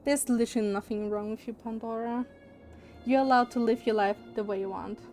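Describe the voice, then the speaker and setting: A woman's voice: a little high, steady tone, brisk, darkish tone, faint music behind. A young woman streamer chatting casually and candidly, opinionated and swearing freely. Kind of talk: casual livestream chat.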